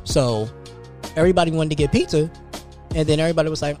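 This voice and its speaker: A male podcast host telling a story in casual chat, animated and laughing, acting out the quotes. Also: on the high side, fast talker, soft background music.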